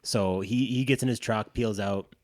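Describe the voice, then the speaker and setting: A man co-hosting a podcast, telling an animated, profane story in casual chat. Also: lowish voice, moderate pace, no room sound, clean studio sound. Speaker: podcast co-host.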